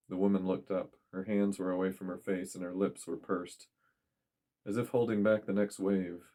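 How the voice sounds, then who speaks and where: A man reading a dark story aloud in a steady, measured way. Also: sits low. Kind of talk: scripted story narration.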